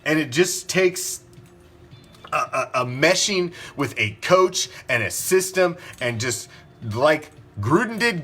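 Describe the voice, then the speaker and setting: A man's voice: medium pitch, pushed and bright. A man hosting a sports talk show, ranting profanely and firing off rhetorical questions. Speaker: sports podcast host.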